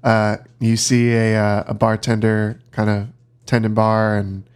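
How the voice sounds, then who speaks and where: A man with a lowish voice and clean tone runs a tabletop game as game master, speaking a little slowly. His narration is relaxed and hesitant, full of fillers.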